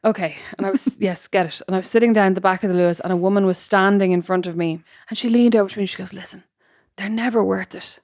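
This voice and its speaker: A woman's voice: mid-range voice, a little mellow, dry recording, clean studio sound. A woman co-hosting a podcast in casual chat, chatty and full of fillers. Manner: chatty, quick, lots of fillers. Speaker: podcast co-host.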